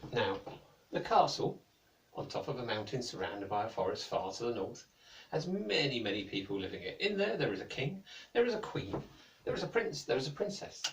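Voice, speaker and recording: A British man narrating a children's story in a gentle, playful, lilting way. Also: mid-range voice, sing-song, fairly quick, slight background noise. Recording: echoey room, mic at a distance.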